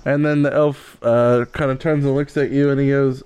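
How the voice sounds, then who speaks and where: A man narrating as game master of a tabletop game, slow and halting with lots of pauses. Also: mid-range voice, flat delivery, darkish tone, clean tone. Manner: slow, full of filler pauses, laughs easily.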